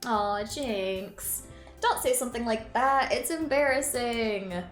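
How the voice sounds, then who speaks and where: A woman's voice: a little high, slow pace. A woman reading aloud the lines of a cheerful teenage girl who runs a club. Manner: read aloud from on-screen dialogue. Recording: echoey room with game music.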